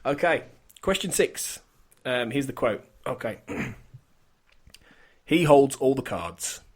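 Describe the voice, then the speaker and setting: A husky-voiced man hosts a podcast in a casual, chatty way. He laughs often while he runs a quiz, and his pitch rises and falls a lot as he talks. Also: big pitch swings, slow. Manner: giggly, chatty quizmaster. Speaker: podcast host.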